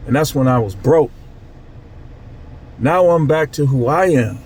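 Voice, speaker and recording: A channel host chats casually with his viewers in a casual monologue vlog, his street-talk loose and repetitive. His medium-pitched voice is expressive and unhurried, a little mellow and slightly rough. The recording quality is low.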